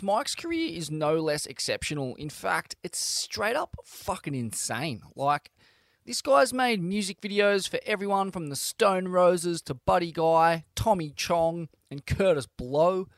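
A man's voice: a little high, a bit bright, no echo, clean studio sound. A man giving a recorded episode introduction in a brash, profane, admiring manner. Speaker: show host, intro.

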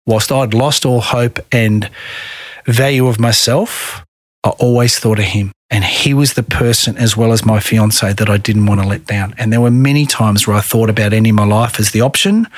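A middle-aged Australian man telling his own story in a podcast interview, earnest and measured. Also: lowish voice, no room sound, studio quality. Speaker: guest.

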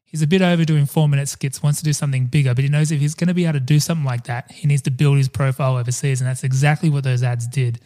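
A man hosting a podcast, telling a story in casual chat with animated energy and the odd swear word. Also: mid-range voice, very fast, few pauses. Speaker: podcast host.

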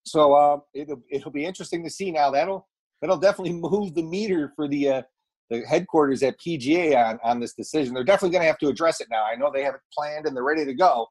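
A man's voice: fairly high pitch, quick pace, darkish tone. A man who is a golf pro, guesting on a sports radio talk show and thinking aloud with frequent restarts as he weighs both sides.

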